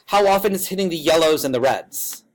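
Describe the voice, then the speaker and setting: High-pitched guy teaching a class, loud teacher voice, chatty and loose. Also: animated, fairly quick. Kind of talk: classroom software tutorial.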